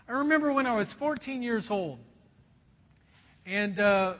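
A man's voice: high voice, expressive, measured pace. A man preaching a sermon, telling a personal story in an earnest way and calling his listeners folks. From Indiana, USA. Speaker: pastor. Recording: dull sound with long hall reverb.

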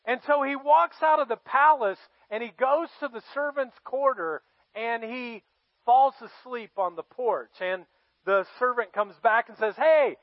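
A male pastor preaching a sermon in a conversational storytelling way, with dramatic pauses and questions to his listeners. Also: very high voice, no echo. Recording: dull, dry sound.

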